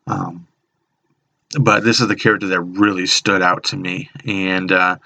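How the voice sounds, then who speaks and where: A man hosting a horror list video, talking casually with many halting restarts and enthusiastic praise. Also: deep voice, flat delivery, gravelly, pushed and bright, no echo, poor audio. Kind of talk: casual spoken commentary.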